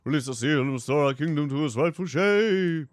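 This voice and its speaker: A man's voice: fairly high pitch, expressive, brisk, no room sound, pitched above the performer's own voice, close to an everyday voice. A man reading out a solemn male knight's lines in a formal, declaiming voice. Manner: formal, declaiming game dialogue aloud. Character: solemn male knight guarding a sealed island.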